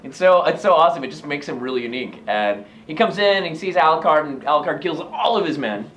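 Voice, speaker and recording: Lively, animated man telling stories. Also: a little high, fast, a little hiss or hum. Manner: animated storyteller, jokey, acts out quotes. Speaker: voice actor guest. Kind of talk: casual convention interview chat.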